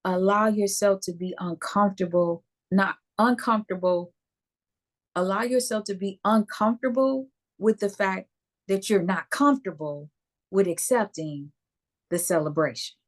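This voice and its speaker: A woman's voice: mid-range voice, moderate pace. A woman in a mid-range voice co-hosts a motivational live chat as a spiritual coach. She talks emphatically and repeats key phrases to drive her point home.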